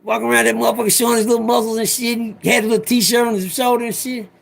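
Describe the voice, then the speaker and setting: Gravelly middle-aged man telling a story. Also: very high-pitched, rapid-fire. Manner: profane, rambling, animated, breaks off to talk to viewers. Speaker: storyteller addressing live viewers. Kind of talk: casual livestream storytelling.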